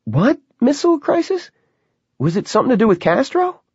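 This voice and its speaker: A man putting on a jumpy young student with a high, eager voice that leaps up quickly. The sound is dry and a little dull, like a lo-fi recording. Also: husky, no echo, heavily acted. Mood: alarmed. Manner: excitable, quick to shout.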